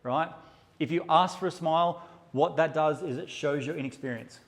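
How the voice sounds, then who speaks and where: Male presenter, brash and irreverent, slightly high voice, teaching a live class. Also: moderate pace, gravelly. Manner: brash, joking, swears freely. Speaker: photography workshop presenter. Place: workshop room with live audience.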